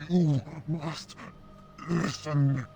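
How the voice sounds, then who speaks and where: An actress voicing a cursed female elf who is turning into a werewolf, pleading through pain in a strained, gravelly voice. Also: low-pitched, fairly even intonation, extremely slow, mellow, full character voice. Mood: anguished pleading. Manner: pleading, anguished.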